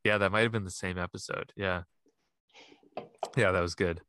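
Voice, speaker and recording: Low-voiced man in casual podcast chat. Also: fairly even intonation, normal speed, pushed and bright, clean tone. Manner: laughing often, rambling with fillers. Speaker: podcast co-host.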